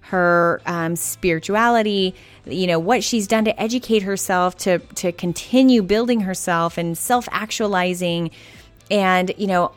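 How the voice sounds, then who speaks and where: A woman's voice: lowish voice, no room sound. A woman hosting a business podcast, enthusiastic and given to fillers as she sums up the interview. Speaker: podcast host.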